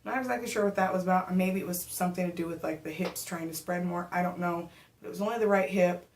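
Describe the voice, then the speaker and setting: Chatty pregnant woman, slightly low, echoey room. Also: fast talker. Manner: chatty, animated storytelling with many fillers. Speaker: vlogger. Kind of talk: casual storytelling to camera.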